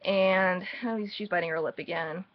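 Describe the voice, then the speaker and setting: A woman's voice: fairly low pitch, steady tone, normal speed, dull audio. A woman recapping book chapters in a casual, rambling way, full of sarcastic and mocking asides. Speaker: book reviewer.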